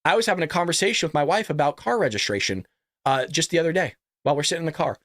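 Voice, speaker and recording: Animated, heated male political show host. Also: fairly high pitch, racing, no room sound, clean studio sound. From California. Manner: heated, animated ranting with rhetorical questions. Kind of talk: casual political commentary and ad read.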